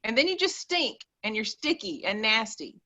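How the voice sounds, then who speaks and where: A woman with an East Texas accent, chatting as a caller on a call-in show in an animated, rambling, folksy way. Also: fairly high pitch, moderate pace, highs cut off, noisy background. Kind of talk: casual chat.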